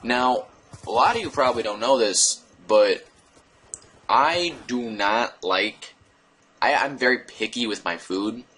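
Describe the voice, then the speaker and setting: A young man telling a story casually to his viewers, rambling and digressing with an animated delivery. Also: mid-range voice, a little slow, husky. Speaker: vlogger.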